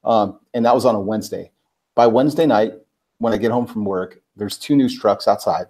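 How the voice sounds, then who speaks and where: A man, a guest on a talk show, telling a personal story in casual, animated talk, full of filler words and acted-out quotes. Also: fairly low pitch, a little fast. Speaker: guest, personal branding expert.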